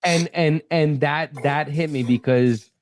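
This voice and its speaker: A man's voice: fairly high pitch, takes it slowly. A man guest on a podcast, agreeing emphatically and swearing in casual chat.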